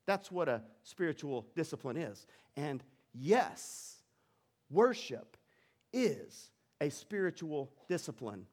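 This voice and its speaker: Man, pastor, sermon, slightly high voice, animated storytelling. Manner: animated storytelling, rising in pitch and volume during dramatic retellings.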